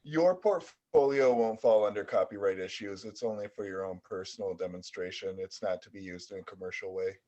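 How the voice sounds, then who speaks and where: A man's voice: fairly low pitch, brisk, hardly any pauses, mellow, lo-fi sound. A man giving matter-of-fact advice on a video call, out of breath.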